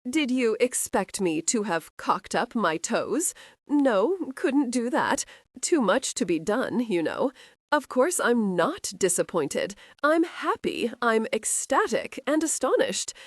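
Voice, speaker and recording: A woman's voice: on the high side, big pitch swings, takes it slowly, dry recording, exaggerated voice. Brief: cheerful, teasing older nobleman read by a woman narrator, audiobook, dry close sound. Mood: jovial. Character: jovial older male nobleman, hearty and brisk.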